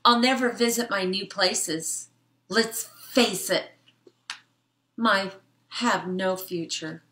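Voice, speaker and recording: A woman voicing a male fly trapped in a vacuum cleaner, talking in a slow, melodramatic, mournful way while reading a storybook aloud. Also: mid-range voice, bright, forceful tone, a little hiss or hum. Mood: despairing.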